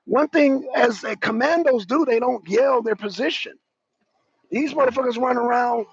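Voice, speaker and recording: A man giving heated commentary on a talk show, ranting in a loud, profane, mocking way. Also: very high voice, fairly quick, slight background noise. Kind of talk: heated live-stream commentary. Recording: dull, dry lo-fi sound.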